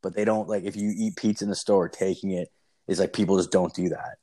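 A young man with a husky, somewhat low voice tells a long, loose story in casual podcast chat. He swears constantly and leans on "like" between every few words. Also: fairly even intonation, fast talker, mellow. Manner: rambling, profane, constant "like" fillers.

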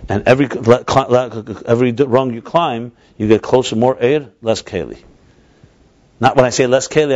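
A man's voice: on the low side, darkish tone. Man lecturing over a dull lo-fi recording. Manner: discursive, self-correcting, mixes in Hebrew and Yiddish terms. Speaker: teacher of a religious class. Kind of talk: explanatory lecture.

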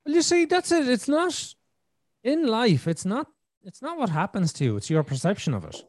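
A middle-aged man hosting a podcast in casual conversation, animated and talkative, repeating words and acting out his own thoughts. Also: sits high, normal speed, no room sound, studio quality. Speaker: podcast host.

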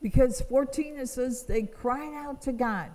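A woman's voice: high voice, unhurried, dark tone. Woman teaching scripture, reverberant sound. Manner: reads scripture aloud, then explains it earnestly. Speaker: Bible teacher. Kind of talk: Bible teaching.

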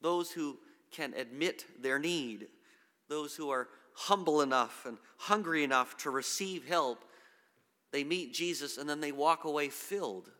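Male pastor preaching, sharp bright tone, earnest and halting, echoing hall sound. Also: a little high. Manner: earnest preaching with many restarts and repeated words. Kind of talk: sermon. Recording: long hall reverb.

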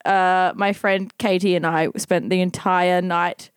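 A woman's voice: lowish voice, level tone, smooth, dry recording, studio quality. A woman co-hosting a casual podcast, giggling and restarting her sentences as she chats. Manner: giggly, quick to laugh and restart. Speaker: podcast co-host. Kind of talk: casual chat.

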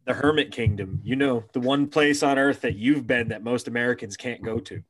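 A man's voice: medium pitch, brisk, no room sound. A man hosting a podcast in casual chat, easygoing and fond of "dude" and "bro". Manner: laid-back, says "dude" and "bro" a lot. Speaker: podcast host.

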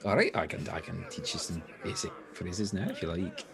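A man's voice: sits low, wildly swooping pitch, normal speed, gravelly, music in the background. A man playing a tabletop role-playing game in character, playful and chatty with many asides. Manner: playful, lots of asides and restarts.

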